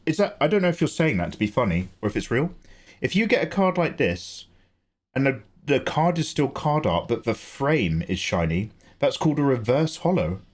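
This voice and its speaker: A man's voice: medium pitch, normal speed. English guy streaming, chatty, swears a lot, voice jumps around a lot. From England. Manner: chatty, animated, swears and laughs easily. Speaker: livestream host. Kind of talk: casual livestream chat.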